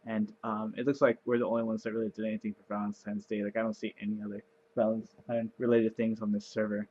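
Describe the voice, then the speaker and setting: A man giving casual gameplay commentary, rambling and chatty with lots of fillers, playfully sarcastic and easily excited. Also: lowish voice, quick pace, lo-fi sound. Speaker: let's play commentator.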